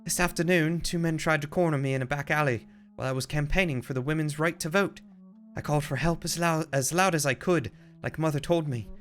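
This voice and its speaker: A man's voice: on the high side, brisk, a bit bright, soft background music, pitched above the performer's own voice, lightly acted. A man voicing a young upper-class woman reading her diary, in a shaky put-on British accent that slips into Irish. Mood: earnest. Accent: shaky put-on British, slipping into Irish.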